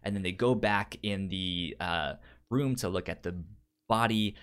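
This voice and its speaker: A man's voice: low-pitched, unhurried, fairly bright tone, smooth. A man co-hosting a podcast in casual chat about a show, stammering over word starts and bursting into laughter as he retells scenes. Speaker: podcast co-host.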